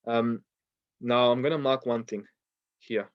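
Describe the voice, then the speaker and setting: A man teaching a Quran pronunciation lesson, patiently explaining mistakes and repeating words slowly for practice. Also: mid-range voice, steady tone, clean tone, dry recording. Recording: dull, dry lo-fi sound.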